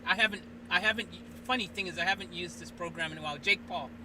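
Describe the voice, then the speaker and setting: High-voiced rambling man on a noisy stream. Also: fast. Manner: chatty, rambling, full of fillers and restarts. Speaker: stream host. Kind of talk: casual live-stream chat. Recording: noisy background hiss.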